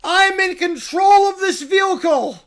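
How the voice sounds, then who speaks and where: A man voicing an excitable little male bear with shrill, wildly enthusiastic proclamations. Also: measured pace, full character voice. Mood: zealous.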